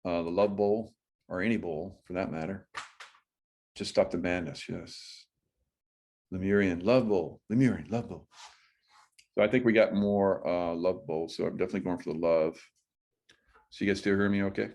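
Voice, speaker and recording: Middle aged guy rambling on a livestream, lowish voice, keeps cutting himself off. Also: fairly even intonation, moderate pace, long pauses, a little mellow. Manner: rambling, chatty, self-interrupting. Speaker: livestream host. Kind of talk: casual livestream chat. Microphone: phone or computer mic.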